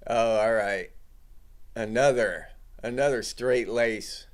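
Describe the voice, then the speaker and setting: The livestream host, a middle-aged man, talks slowly in a mid-range voice, keeping the conversation casual and greeting people as they appear in the chat.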